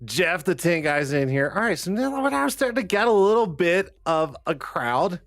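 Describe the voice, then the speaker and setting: High-pitched and swinging widely in pitch, this livestream host speaks at normal speed in a somewhat bright tone. The sound has no echo, with soft music in the background. He chats casually, joking, cursing and laughing a lot, his voice a little strained.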